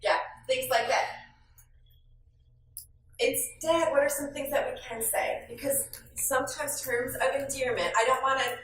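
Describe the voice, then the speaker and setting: A woman's voice: high voice, a little slow, pauses often, slight background noise. Sassy woman trainer, echoey room. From Southern United States. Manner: lively, sassy, playful with switching voices. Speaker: new-hire trainer. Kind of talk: classroom training presentation. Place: classroom. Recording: echoey room, speaker far from mic.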